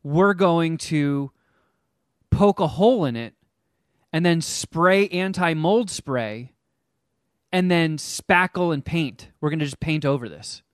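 Podcast host guy, kinda high voice, dry sound, rants about a story, swears constantly. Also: takes it slowly, clear, resonant tone, no room sound. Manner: animated, profane, acts out the people he quotes. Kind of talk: casual chat, telling a story.

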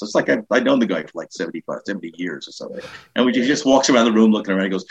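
An older man with a New York accent, a comedian telling lively show-business stories in an interview, acting out the voices of people he quotes. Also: sits low, fast talker, slightly rough, highs cut off. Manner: animated, acts out quoted voices, frequent restarts. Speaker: comedian and guest. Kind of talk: casual anecdotal storytelling.

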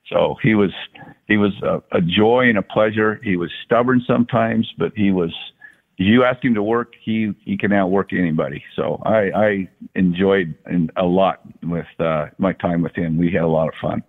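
Sixties male guest, low-ish voice, folksy halting storyteller, phone-line sound. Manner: folksy, halting, frequent restarts, acts out quoted voices. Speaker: guest, former baseball athletic trainer. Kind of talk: relaxed anecdotal storytelling. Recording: tinny phone-line audio.

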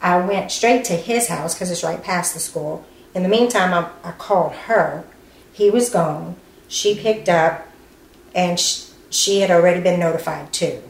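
On location at her family's home, a relative of the victim recounts the loss in an interview, telling it plainly and acting out what people said. Her voice is on the low side with vocal fry, her pace measured, and the recording has echo with faint background noise.

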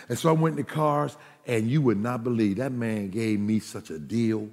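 A middle-aged male pastor telling a personal story in a sermon, animated and laughing, with folksy asides. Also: medium pitch, normal speed, gravelly. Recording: long hall reverb.

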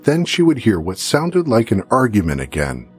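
A man giving scripted true-crime narration in a measured way. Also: lowish voice, huge pitch swings, soft background music.

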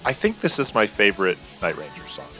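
Lively low-voiced male podcast co-host. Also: fairly quick, soft background music. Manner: wry, animated when reading lists. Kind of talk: casual chat. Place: home office.

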